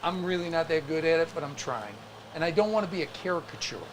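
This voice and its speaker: Male co-host, faint Chicago accent, animated storyteller, slightly high voice. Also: fast, background noise. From Chicago area. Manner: chatty, animated storyteller with restarts. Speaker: co-host of a craft livestream. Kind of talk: casual storytelling chat.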